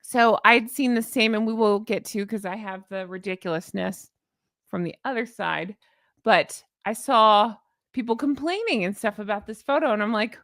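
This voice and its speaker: A woman's voice: medium pitch, normal speed, a bit bright, no room sound, clean studio sound. A woman hosting a casual gossip show about royals, sarcastic and prone to fits of giggling while reading viewer comments. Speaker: royal commentary channel host.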